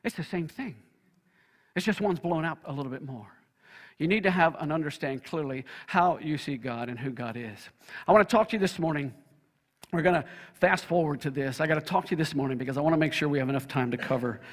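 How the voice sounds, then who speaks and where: Older man preaching with a high voice. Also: fairly quick, long reverb tail. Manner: emphatic, leads call-and-response. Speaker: pastor. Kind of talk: sermon. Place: church sanctuary.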